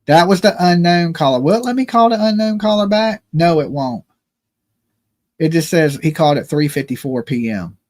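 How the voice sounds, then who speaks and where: A man's voice: fairly high pitch, lively intonation, moderate pace, dry recording, clean studio sound. A man hosting a livestream in casual joking chat, loose and rambling, swearing freely as he banters. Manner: loose, rambling and profane, jokey phone-prank banter. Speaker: streamer host.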